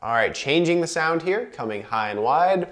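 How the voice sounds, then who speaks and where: A man leading a guided breathing and movement class, calmly cueing each inhale and exhale, with chatty asides between cues. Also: on the high side, normal speed. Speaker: movement instructor.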